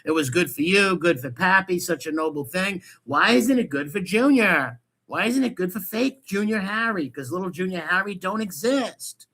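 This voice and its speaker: A man hosting a stream, ranting in crude, mocking casual commentary with loud outbursts. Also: high-pitched, expressive, normal speed, few pauses. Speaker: stream host.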